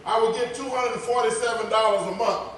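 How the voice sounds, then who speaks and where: A man's voice: very high-pitched, steady tone, fairly quick, slight background noise. Dramatic man in an echoey hall. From Texas. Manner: dramatic, swings from loud to hushed. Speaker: motivational speaker. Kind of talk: personal testimony speech. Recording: echoey hall, voice far from mic.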